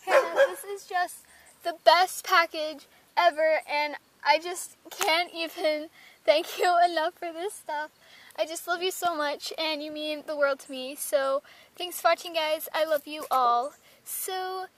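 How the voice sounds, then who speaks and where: Very high-pitched gushing teen girl. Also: measured pace, a bit bright. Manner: gushing, giggly, keeps exclaiming. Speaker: vlogger. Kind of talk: excited package-opening vlog.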